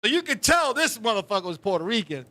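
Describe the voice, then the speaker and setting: Male live-stream host with a very high, piercing voice. Animated, swears freely, laughs a lot. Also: fast. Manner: animated, profane storytelling with frequent laughs. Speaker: talk show host. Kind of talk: casual live-stream chat.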